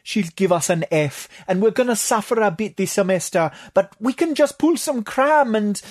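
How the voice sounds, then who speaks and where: A man's voice: high voice, steady tone, measured pace, darkish tone, no echo, studio quality, voice pushed up. A man doing a whiny pleading student. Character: anxious student pleading to confess. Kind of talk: audiobook character voice.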